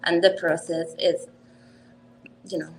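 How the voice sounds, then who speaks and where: A woman in her twenties with an Italian accent, speaking English as a second language in a casual interview, earnest and quick to laugh. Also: on the low side, flat delivery, slight background noise, low-quality recording. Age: 20s. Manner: earnest, laughs easily, slight non-native phrasing. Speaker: hat company owner.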